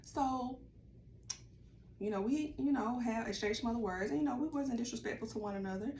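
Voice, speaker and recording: A woman telling a personal story in a casual, animated vlog, talking straight to her viewers. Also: on the high side, brisk, roomy sound, a little hiss or hum. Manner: animated, chatty, addresses viewers directly.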